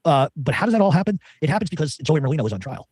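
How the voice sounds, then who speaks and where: A man's voice: on the high side, sing-song, rapid-fire, darkish tone, husky, no room sound. A man telling a story in an interview, rambling with many restarts. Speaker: podcast guest.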